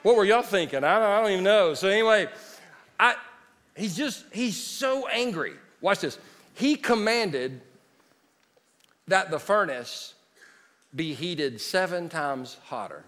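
A man preaching a sermon, moving between loud declarations and quiet storytelling. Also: high-pitched, animated, a little slow, pauses often. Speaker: pastor. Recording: long hall reverb.

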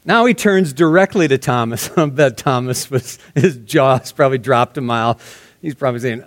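A man preaching a verse-by-verse sermon in a conversational way, dropping to soft, hushed tones for emphasis. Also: medium pitch, animated, moderate pace. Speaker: pastor. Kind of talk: expository sermon.

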